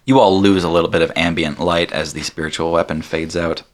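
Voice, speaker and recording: A man narrating as game master in a tabletop game, relaxed and full of fillers. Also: sits low, a little fast. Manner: relaxed, hesitant with many fillers.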